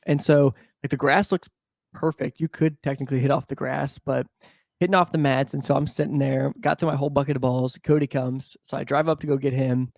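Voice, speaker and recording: A man's voice: medium pitch, a little fast, vocal fry, no room sound. A man co-hosting a podcast in casual chat, telling stories with lots of swearing and acting out the people in them. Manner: profane, animated storyteller, mimics people. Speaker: podcast co-host.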